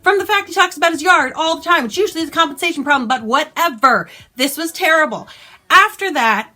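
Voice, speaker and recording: A woman's voice: sits high, fast talker. A woman vlogging a casual, exasperated and sarcastic book review from home. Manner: exasperated, sarcastic, animated retelling.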